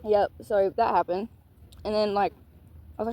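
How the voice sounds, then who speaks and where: A woman telling a rambling, excitable story in a casual storytime vlog, swearing often. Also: medium pitch, normal speed. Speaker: vlogger.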